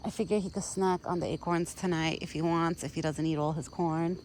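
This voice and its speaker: A woman's voice: deep voice, fairly even intonation, a little fast, darkish tone, a little hiss or hum. Chatty woman outdoors among crickets. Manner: chatty, coos sweet baby talk at the deer. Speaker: vlogger feeding a wild deer. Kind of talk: casual chat. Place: outdoors in a yard at dusk. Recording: outdoor phone recording, crickets. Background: crickets and insects.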